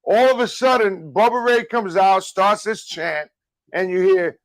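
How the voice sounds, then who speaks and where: A male ex-wrestler guest on a podcast who tells his stories slowly and loops back over the same phrases, swearing as he goes. His voice is fairly high and the recording is dry and close. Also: dry recording. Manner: slow, repeats himself, swears. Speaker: guest, former pro wrestler. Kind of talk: casual storytelling chat.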